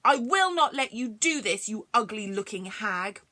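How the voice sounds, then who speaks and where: A woman's voice: medium pitch, animated, unhurried, bright, forceful tone, no room sound. A woman voicing a brave, indignant old farmer in a rhyming children's story, firm and scolding. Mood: angry.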